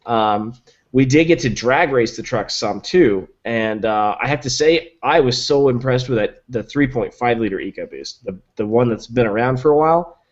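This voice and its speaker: A man guesting as a reviewer on a casual podcast chat sounds expressive and mid-range, talking at normal speed through a muffled recording. He rattles off specs enthusiastically with many likes and ums.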